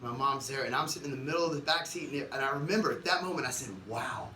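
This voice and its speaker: A man, a musician, telling a story live on stage in an animated, profane way, acting out the voices of people in it. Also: mid-range voice, racing. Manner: animated, profane, acts out quotes. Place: concert venue stage. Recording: echoey live room from far off, noisy.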